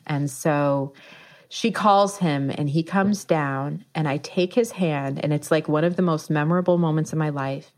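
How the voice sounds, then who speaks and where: Woman, 30s, low register, casual animated storyteller who acts out quotes. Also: normal speed. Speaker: guest telling a story.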